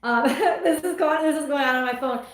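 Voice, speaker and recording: Middle-aged lady chatting on her tarot livestream, laughs a lot, kinda high voice. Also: normal speed. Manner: chatty, rambling, laughs often, reads viewer comments aloud. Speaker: tarot reader hosting a livestream. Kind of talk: casual livestream chat reading comments. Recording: echoey room.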